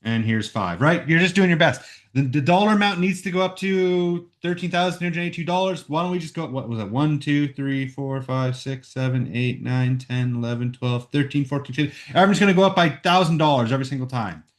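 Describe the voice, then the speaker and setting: A man with a somewhat high voice walks through a math problem in a recorded lesson. He talks each step out loud and often checks in with "right?". He is recording at home on a computer microphone. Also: a little fast, hardly any pauses. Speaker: math teacher.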